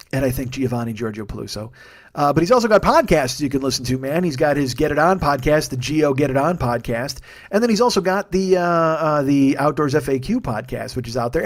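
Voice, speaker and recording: A man in his forties hosting a solo comedy podcast, ranting in a heated, profane way and rambling through plugs with lots of fillers. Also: medium pitch. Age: 40s. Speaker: podcast host.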